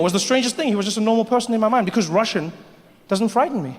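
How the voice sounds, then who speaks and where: A man's voice: high voice, rapid-fire, a little hiss or hum. A man doing a stand-up set, talking directly to the audience in a chatty, conversational way. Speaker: stand-up comedian. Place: large venue, live audience. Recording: live hall with long reverb and faint crowd.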